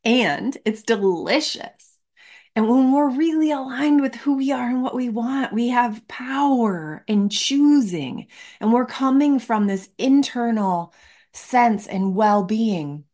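A middle-aged woman hosting a podcast as a clarity coach, speaking in an earnest, reflective motivational monologue and slowing down to stress key words. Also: fairly high pitch, lively intonation, a little mellow.

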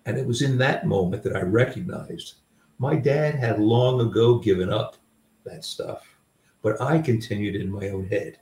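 A man's voice: on the low side, moderate pace, vocal fry, darkish tone. An older man, a guest author, telling personal stories in a reflective conversational way with many fillers. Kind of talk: conversational storytelling. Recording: roomy sound, distant mic.

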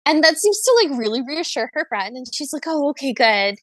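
A woman's voice: sits high, very animated, brisk, dry recording. A woman co-hosting a podcast, recapping a movie in a chatty, wry way. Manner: chatty, wry, slips into voices. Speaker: podcast co-host. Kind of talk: casual chat recapping a movie.

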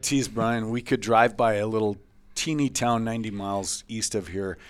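A man's voice: lowish voice, normal speed. A man co-hosting a podcast, joking and teasing in casual banter. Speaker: podcast co-host.

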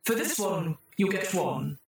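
A woman voicing a cheerful, bureaucratic surveillance computer that makes slow, officious announcements. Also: fairly low pitch, expressive, vocal fry, recorded from a distance. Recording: echoey room.

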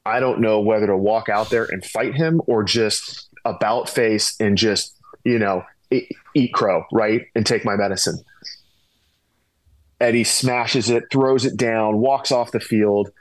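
A middle-aged man, a former pro ballplayer, telling a long anecdote as a guest, animated and rambling with restarts. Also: lowish voice, measured pace, dry recording, rough recording.

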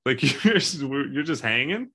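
A man's voice: mid-range voice, expressive, unhurried, gravelly, sharp tone, husky. A man in his thirties co-hosting a casual podcast chat, talking in a loose, profane way and laughing as he tells stories. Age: 30s. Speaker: podcast co-host.

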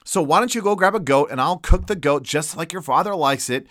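A man's voice: on the high side, lively intonation, fairly quick, fairly bright tone, no room sound, studio quality. A man voicing a scheming mother who talks her son into a plot, in a persuasive, conspiratorial way.

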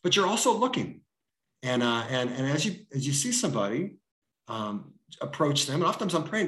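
Earnest, animated man with roomy echo. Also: a little high, brisk. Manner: earnest, animated, acts out dialogue. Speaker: pastor. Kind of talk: interview answers, storytelling.

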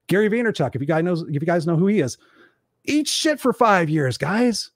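A man's voice: high voice, big pitch swings, fairly quick, no echo. A man giving a blunt, profane motivational monologue, hammering his points home with rhetorical questions. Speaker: motivational speaker.

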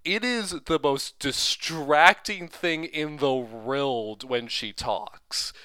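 A man co-hosting a podcast, chatting casually about a movie, animated and laughing, stumbling over his words when he gets excited. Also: on the high side, takes it slowly, clean tone, dry recording. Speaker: podcast co-host. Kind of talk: casual movie-review chat.

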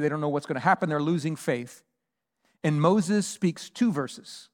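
A man preaching a sermon as pastor, emphatic, moving between hushed and loud delivery. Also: a little high. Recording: long hall reverb.

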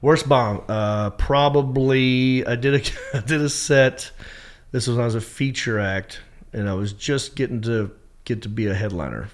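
A man's voice: medium pitch, moderate pace. A man, a stand-up comedian, telling a story on a podcast and acting out his own lines in a raised voice. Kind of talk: animated storytelling.

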